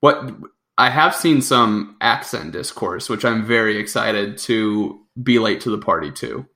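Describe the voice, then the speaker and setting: Gravelly, bright-toned man chatting. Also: fairly low pitch, lively intonation, measured pace. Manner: rambling, self-correcting. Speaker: podcast co-host. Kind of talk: casual chat.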